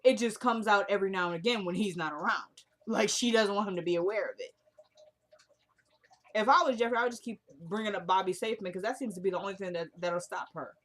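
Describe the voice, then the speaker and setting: A woman giving a casual, chatty recap of a TV drama episode, opinionated and quick to react out loud. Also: medium pitch. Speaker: TV recap vlogger.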